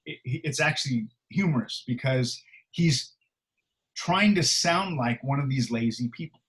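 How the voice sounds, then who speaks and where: A man's voice: medium pitch, expressive, measured pace, fairly bright tone, poor audio. A middle-aged male pastor giving a conversational sermon, earnest and emphatic, with frequent fillers and restarts.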